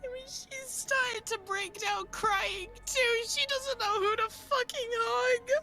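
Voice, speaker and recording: A woman's voice: very high-pitched, steady tone, slow, bright, forceful tone, faint music behind. A woman playing in a tabletop game, talking casually and emotionally, swearing often. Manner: emotional, swears a lot, laughing and tearful. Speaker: player. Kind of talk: casual chat.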